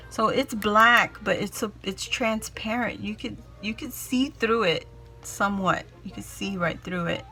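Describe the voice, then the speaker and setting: A woman with a bright, forceful voice gushes over a package she is unboxing, talking straight to her viewers. She exclaims again and again in delight as she goes. Faint music plays softly behind her. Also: mid-range voice, low-quality recording. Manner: gushing, excitable, repeats "oh my gosh". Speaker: craft vlogger opening a gift package. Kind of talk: casual unboxing chat to camera.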